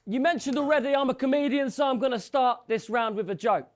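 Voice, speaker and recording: A man's voice: very high voice, fast talker. A man delivering joking, mocking rap battle verses at a live event, laughing at his own lines. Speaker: battle rapper.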